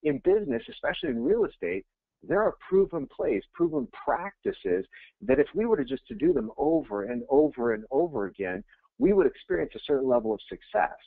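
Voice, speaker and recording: Animated man coaching over a tinny line. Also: mid-range voice, brisk, creaky, no room sound. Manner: energetic, conversational, repeats phrases for emphasis. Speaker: real estate coach. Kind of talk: webinar presentation. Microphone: webinar audio feed. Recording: tinny phone-like line, dry.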